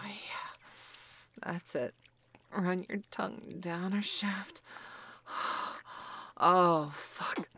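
A young woman in an adult audio role-play, talking in a teasing, bossy way with sighs and soft murmurs. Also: on the low side, a little hiss or hum.

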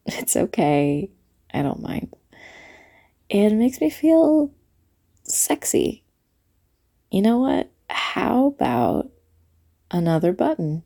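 A woman playing a flirty late-night diner waitress in an audio role-play, talking to the listener in a teasing way with breathy asides. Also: medium pitch, big pitch swings, slow pace, long pauses, dark tone, exaggerated voice.

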